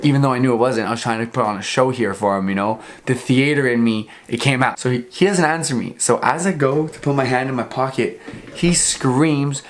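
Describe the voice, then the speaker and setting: A young man, vlogging a casual story, animated and swearing freely while he acts out both sides of a conversation. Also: medium pitch, brisk.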